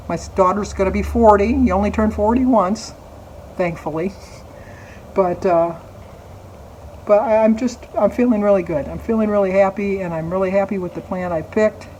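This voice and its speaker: A woman's voice: mid-range voice, darkish tone, rough recording. Older lady in her 60s, chatty storyteller, laughs a lot, bit of faint hiss behind. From United States. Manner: chatty, laughs often, acts out family quotes. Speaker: vlogger. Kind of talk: casual storytelling vlog.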